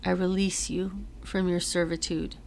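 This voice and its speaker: A woman reading the lines of a gravely wounded colonial captain in a weak, halting, low delivery. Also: level tone, darkish tone, slight background noise. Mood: weary, solemn.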